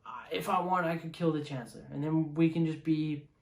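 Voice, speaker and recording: A man's voice: on the high side, fairly quick, creaky, reverberant. A man voicing a tormented young male Jedi knight in an offhand, casual tone. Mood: scornful.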